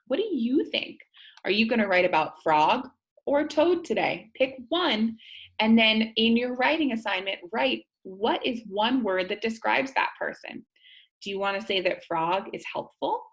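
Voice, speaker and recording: A woman teacher reading a storybook aloud and explaining it to students, asking them gentle questions. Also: fairly high pitch.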